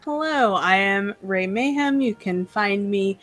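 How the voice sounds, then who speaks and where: A playful woman co-hosting a livestream chat. She giggles easily and teases the others in an ordinary, middle-pitched voice. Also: lively intonation, unhurried, fairly bright tone, soft background music. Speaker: co-host.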